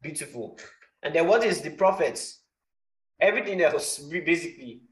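A man's voice: a little high, expressive, moderate pace, fairly bright tone. A young Nigerian man leading an interactive Bible class, talking conversationally, quizzing his students and stressing key points. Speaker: Bible teacher. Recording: roomy echo.

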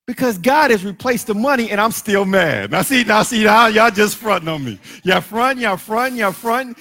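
This middle-aged pastor preaches with animation at normal speed and few pauses. His voice sits high and bright, sinking to hushed asides and then climbing into sung and shouted lines.

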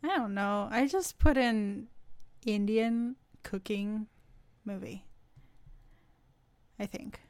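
A woman's voice: medium pitch, slow pace, pauses often, a little mellow, no echo. A young woman co-hosting a casual chat podcast, teasing and laid-back. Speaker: podcast co-host.

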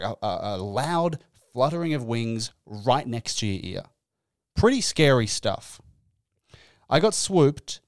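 A young man hosting a comedic podcast, telling a story in an animated, exasperated way and swearing freely. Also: mid-range voice, dry recording, studio quality. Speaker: podcast host. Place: indoors.

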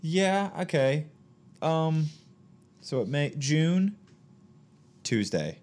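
A man's voice: a little high, very animated, drawn-out words, a little mellow. A young man co-hosting a podcast in casual chat, trailing off and restarting mid-thought. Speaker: podcast co-host.

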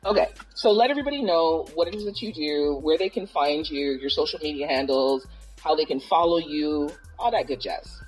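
A woman's voice: deep voice, fairly quick, faint music behind, rough recording. A woman from Toronto hosting a casual podcast chat, playful and loose, dropping Caribbean slang. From Toronto, Canada. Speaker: podcast host.

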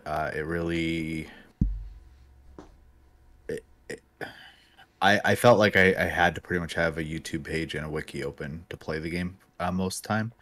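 A man co-hosting a podcast, chatting casually and a little hesitantly, with many ums and restarts. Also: sits low. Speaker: podcast co-host. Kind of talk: casual chat.

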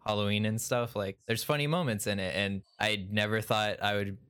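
A man's voice: on the low side, steady tone, moderate pace, fairly bright tone, clean tone. A man co-hosting a podcast, joking and laughing often while recapping. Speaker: podcast co-host. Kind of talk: casual chat.

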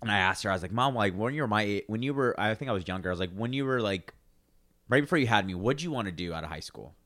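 A man in his twenties talks quickly and loosely, tripping over restarts as he tells stories and acts out other people's lines. His voice sits a bit low. The sound is close and dry, with no room around it. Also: animated, a bit bright, no echo. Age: 20s. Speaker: podcast co-host. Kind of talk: casual chat.

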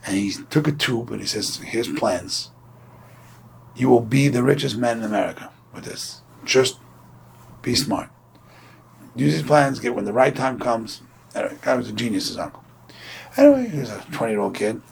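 A man's voice: medium pitch, moderate pace, vocal fry, long pauses, a little hiss or hum. A man from Brooklyn giving an informal Torah lecture, telling stories in a conversational way and acting out the people he quotes. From Brooklyn, New York. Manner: conversational, storytelling with animated quoted voices. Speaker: Torah class teacher.

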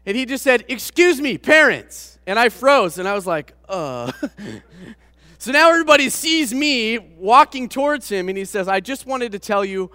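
A man preaching, a pastor telling a personal story to his congregation with animated, self-deprecating humor. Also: extremely high pitch, moderate pace, smooth, no room sound, clean studio sound, long reverb tail. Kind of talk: storytelling sermon.

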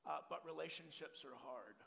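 Gravelly high-voiced pastor in a hall. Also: male voice, moderate pace. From Texas. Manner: joking, energetic, repeats key phrases. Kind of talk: humorous sermon to men. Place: church hall.

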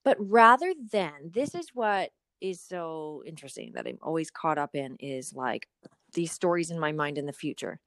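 Woman, 30s, co-host, casual chat, low pitch, dry recording. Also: normal speed, dry recording. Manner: animated storytelling, acts out inner voices. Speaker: podcast co-host.

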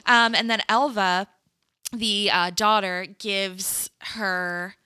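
A woman co-hosting a podcast, casually recapping a movie and acting out the characters' lines in a playful, animated way. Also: medium pitch, slow pace, clear, resonant tone, no room sound, clean studio sound. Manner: playful, laughing. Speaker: podcast co-host.

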